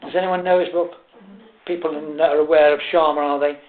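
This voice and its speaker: Brief: older English lecturer, halting, wry; tinny, echoey recording. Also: male voice, a little high, steady tone. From England. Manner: hesitant, self-mocking, humorous. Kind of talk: lecture with anecdotes. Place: lecture room. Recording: tinny echoey room recording, faint hiss.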